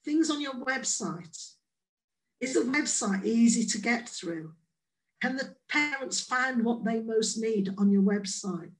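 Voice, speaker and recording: An English woman giving a conference presentation, playful and lively, acting out the quoted voices in her examples. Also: fairly high pitch, takes it slowly, rough recording. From England. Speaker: conference speaker.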